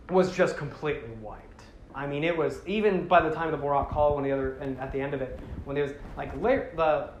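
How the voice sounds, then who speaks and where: A man's voice: fairly high pitch, dull audio. Rambling man in an echoey room. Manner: rambling, joking, swears casually. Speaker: host. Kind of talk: casual retelling of a story. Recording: echoey room with faint hiss.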